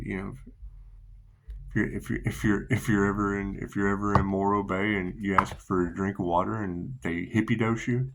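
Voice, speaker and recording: Rambling low gravelly man. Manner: repetitive, laughing, trailing into soft asides. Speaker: spiritual video host. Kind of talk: rambling spiritual monologue.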